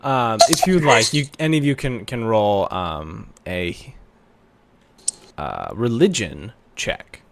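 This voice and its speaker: A man's voice: fairly low pitch, big pitch swings, slow, creaky, slight background noise. Game master guy narrating, talks all over the place, lots of ums. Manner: rambling, lots of fillers.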